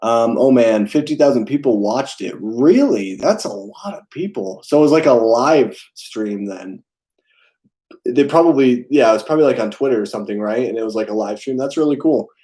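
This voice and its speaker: A young man hosts a relaxed live stream chat, his voice mellow and unforced. He speaks haltingly, filling pauses with ums while he reads and answers viewers' messages. His pitch sits in an ordinary middle range. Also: rough recording. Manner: hesitant, many fillers, reads and answers chat. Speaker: film channel host.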